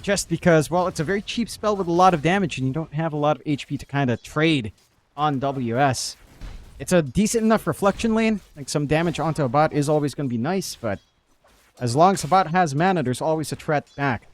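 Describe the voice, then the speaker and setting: Male esports caster, slightly high voice, jokey, chat-reading play-by-play. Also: animated, fairly quick. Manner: playful, reads chat messages aloud. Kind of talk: esports commentary.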